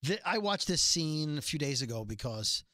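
A man's voice: fairly high pitch, big pitch swings, moderate pace, pushed and bright, no echo, studio quality. A man casually recapping a TV episode as a podcast host, chatty and joking, with rambling asides. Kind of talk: casual chat.

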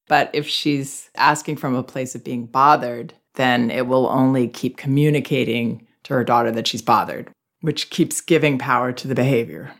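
A middle-aged woman hosting a parenting advice show, answering a listener's letter in a calm, gentle, reflective way. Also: extremely low pitch, normal speed.

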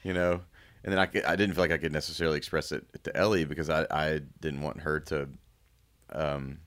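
A man in his thirties talking candidly as a guest, reflective and halting, with frequent restarts. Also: rumbling low, fairly even intonation, a bit bright. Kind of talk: candid personal conversation.

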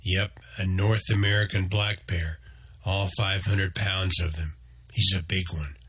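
A man voicing a small, knowing male meerkat guide who talks in a calm, matter-of-fact way. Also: low-pitched, measured pace, breathy edge, full character voice.

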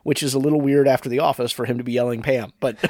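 A man hosting a podcast, talking over a film in a measured, reflective way and steering the conversation along. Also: medium pitch, no room sound, studio quality. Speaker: podcast host. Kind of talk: casual film discussion.

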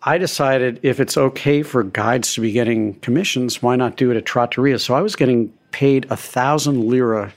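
Relaxed middle-aged man telling stories. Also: mid-range voice, normal speed, hardly any pauses. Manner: relaxed, anecdotal, self-deprecating. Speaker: restaurateur guest. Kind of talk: conversational storytelling interview.

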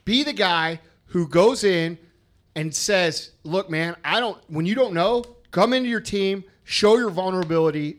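A man's voice: high-pitched, moderate pace. A man co-hosting a business podcast, talking bluntly and emphatically with lots of swearing. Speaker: podcast co-host. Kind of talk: casual business podcast chat.

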